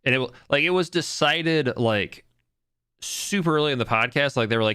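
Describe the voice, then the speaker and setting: Podcast co-host, male, bright crisp voice, rambling and profane. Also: medium pitch, lively intonation, normal speed, dry recording, studio quality. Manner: rambling, lots of fillers and "like"; profane, enthusiastic. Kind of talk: casual chat.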